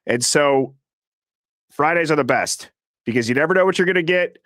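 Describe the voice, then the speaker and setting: Male stream host, slightly high-pitched, dry close mic, rapid easy patter reading viewer names. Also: no room sound. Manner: fast, casual, shouting out names in quick succession. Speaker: host of a live call-in show.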